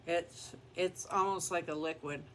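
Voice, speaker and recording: Slow, chatty woman beauty vlogger. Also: lowish voice, fairly even intonation, a bit bright, slight background noise. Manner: chatty, rambling, down-to-earth. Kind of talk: casual chat while doing makeup.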